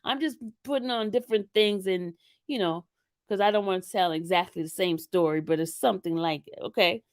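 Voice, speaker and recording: A woman commentating casually to her viewers, animated and laughing often, calling them y'all. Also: mid-range voice, brisk. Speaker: commentary channel host.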